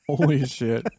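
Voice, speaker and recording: Casual podcast talk, man, animated and profane, fairly high voice, dry sound. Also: husky, dry recording. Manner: animated, swearing, laughing often. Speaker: podcast host and writer.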